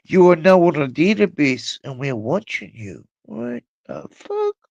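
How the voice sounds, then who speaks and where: A woman's voice: lowish voice, sing-song, unhurried, gravelly, darkish tone, dry recording, dull audio. A woman on a live stream, blunt and profane, who keeps cutting in to have her say. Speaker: panelist on a live talk stream. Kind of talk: casual live-stream chat.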